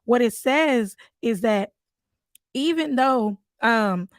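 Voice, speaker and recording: A woman's voice: on the high side, animated, slow pace, no echo. A woman, a mother, hosting a podcast and telling a personal faith story in an earnest, storytelling manner. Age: adult, mother of three. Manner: earnest, storytelling, with warm asides. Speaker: podcast host.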